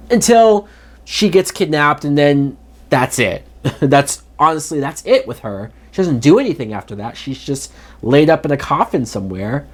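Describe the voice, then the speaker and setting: A man hosting his own channel, giving a casual, exasperated spoken movie review with emphatic jumps in pitch and chatty fillers. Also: expressive, normal speed. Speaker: film reviewer, channel host.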